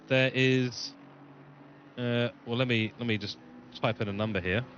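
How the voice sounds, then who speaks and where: A man's voice: mid-range voice, fairly even intonation, unhurried, fairly bright tone, highs cut off, a little hiss or hum. A man from New Zealand with a mixed English and New Zealand accent, giving live race commentary and reading viewer chat aloud. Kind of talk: live sim-racing commentary.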